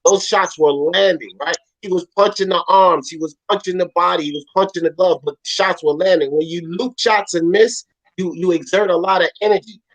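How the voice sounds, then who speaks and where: A man's voice: sits high, a little fast, fairly bright tone, rough recording. A man co-hosting a casual boxing talk show, emphatic and insistent, swearing as he makes his case. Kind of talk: casual sports debate.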